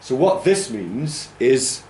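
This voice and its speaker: A man's voice: mid-range voice, big pitch swings, slow pace, mellow, echoey room, slight background noise. A man teaching a training class, explaining pronunciation and demonstrating stress patterns aloud. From United Kingdom. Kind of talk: classroom lecture.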